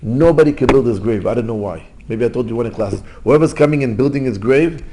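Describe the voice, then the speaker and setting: A rabbi giving an informal Torah lesson, telling stories in lively, non-native English. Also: male voice, mid-range voice, fast, background noise. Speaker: rabbi teaching a class.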